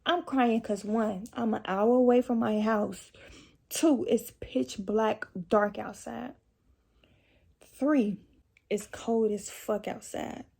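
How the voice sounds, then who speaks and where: A young woman telling a profane, animated storytime to her viewers in a casual vlog. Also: on the high side, slow pace, creaky, husky. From Chicago area. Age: young adult. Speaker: vlogger.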